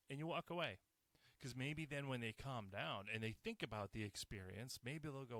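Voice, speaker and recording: A man's voice: medium pitch, normal speed, fairly bright tone, dry recording. Blunt, swearing man. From United States. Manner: blunt, profane, ranting. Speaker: podcast host. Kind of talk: casual solo monologue.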